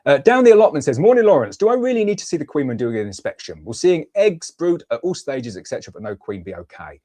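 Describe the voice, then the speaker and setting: A man from the UK in his thirties talks fast in a warm, sing-song voice that's a little high. He hosts a beekeeping livestream as casual chat, rambling and heartfelt, full of fillers and restarts.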